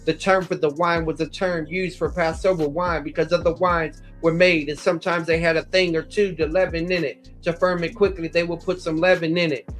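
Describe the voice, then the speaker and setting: Higher-voiced man teaching scripture. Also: flat delivery, a little fast, hardly any pauses, fairly bright tone, soft background music. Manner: explanatory, cites verse numbers, occasional restarts. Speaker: Bible teacher. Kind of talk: lecture on scripture.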